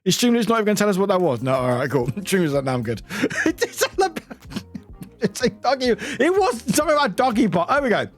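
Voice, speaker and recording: Excitable high-voiced British man streaming. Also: rapid-fire, soft background music. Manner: excitable, laughs often, swears, bursts into high shouts. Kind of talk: casual live-stream chat while playing.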